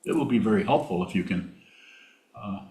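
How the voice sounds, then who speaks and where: A male Buddhist meditation teacher giving a dharma talk with questions, speaking in a halting, plainspoken way and repeating words. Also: lowish voice, expressive, gravelly, a little mellow. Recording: roomy hall sound.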